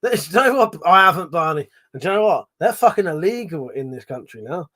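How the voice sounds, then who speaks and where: A man's voice: a little high, very animated, brisk, bright, forceful tone. A man hosting a casual livestream, rambling, swearing freely and reading viewers' chat aloud. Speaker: livestream host.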